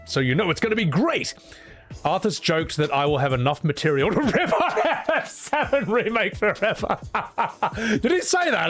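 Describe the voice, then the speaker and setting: Guy streaming, reads chat and rambles back, chuckles a lot, faint music behind. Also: a little high. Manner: rambling, chuckling, lots of fillers. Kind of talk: casual livestream chat.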